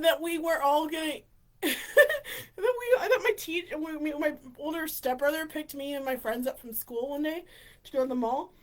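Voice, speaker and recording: A woman vlogger telling funny stories in an excitable, rambling way, giggling and restarting often. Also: high voice. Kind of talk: casual storytelling.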